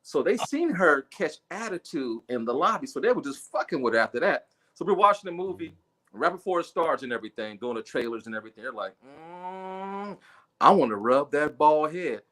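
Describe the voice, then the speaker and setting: Over a video call, a man tells a funny story from his own life in a relaxed livestream chat, voicing the people he quotes with dramatic jumps. His voice runs high, bright and forceful, very animated, and he talks fast.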